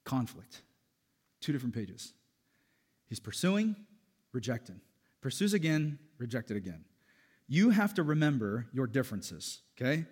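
A man preaching a sermon as pastor, animated and joking, with loud emphatic peaks. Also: medium pitch, moderate pace, husky. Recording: long hall reverb.

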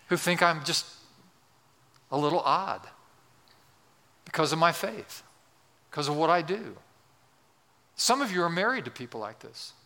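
The long reverb of a large hall surrounds a sixty-something pastor giving an emphatic sermon in a large church. His fairly high voice sounds pushed and bright as he repeats key phrases and questions the congregation.

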